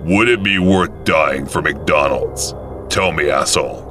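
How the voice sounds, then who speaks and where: Male narrator as a menacing, deep-voiced robber boss, slow and blunt. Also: music in the background.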